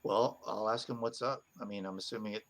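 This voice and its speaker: A player speaking in character during a tabletop role-playing game, casual and quick to laugh. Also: medium pitch, steady tone, a bit bright.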